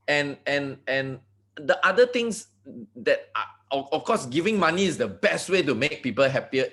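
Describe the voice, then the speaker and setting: A middle-aged man from Malaysia with a Malaysian accent, giving an animated motivational talk full of stories and "you know" asides over a video call. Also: medium pitch. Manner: animated storytelling, frequent restarts and "you know". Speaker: guest speaker.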